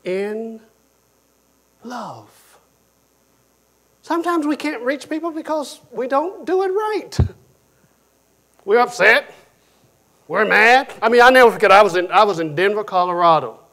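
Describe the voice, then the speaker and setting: A man preaching a sermon, telling stories in an animated way and often repeating himself, moving between loud, emphatic phrases and quiet ones. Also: very high-pitched, unhurried, long pauses.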